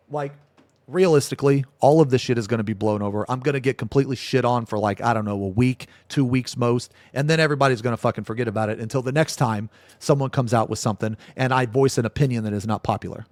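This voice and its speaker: A man's voice: medium pitch, quick pace, no echo. A male streamer ranting on a live stream, swearing a lot, repeating himself and calling everyone "man" and "bro". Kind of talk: casual live-stream rant.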